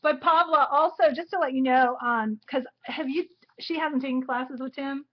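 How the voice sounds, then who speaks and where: Brief: high-pitched woman co-host, chatty and giggly, muffled lo-fi audio. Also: normal speed. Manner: chatty, laughs often while flipping through photos. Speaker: co-host of craft livestream. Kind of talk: casual livestream chat. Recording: dull lo-fi livestream audio.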